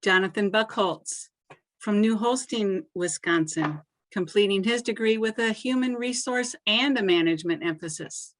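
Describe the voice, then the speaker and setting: Woman reading out graduate names. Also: medium pitch. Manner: measured, lifts each name then drops at the end. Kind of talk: formal name reading.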